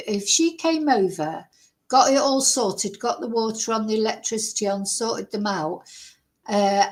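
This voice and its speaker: A middle-aged woman, a true crime channel host, telling a rambling, chatty story with frequent laughs and self-interruptions. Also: fairly high pitch.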